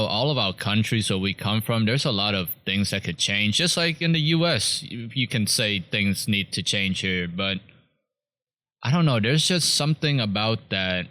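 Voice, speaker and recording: A man's voice: on the low side, lively intonation, measured pace, sharp tone. A man co-hosting a podcast, chatting casually with loose, swearing banter and frequent laughter. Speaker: podcast co-host. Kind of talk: casual chat.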